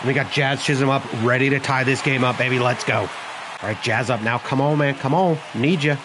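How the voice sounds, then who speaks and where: A young man giving live, excitable commentary over his baseball video game, groaning and cheering at each pitch. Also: brisk, noisy background. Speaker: gaming channel host.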